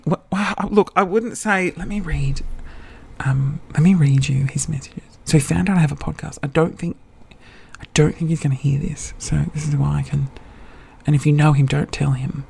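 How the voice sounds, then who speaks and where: A man's voice: fairly high pitch, fairly even intonation, normal speed, gravelly, husky. A man, telling a story in a chatty, self-mocking podcast monologue. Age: 30s. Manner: chatty and self-mocking, with campy quoted voices. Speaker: podcast host.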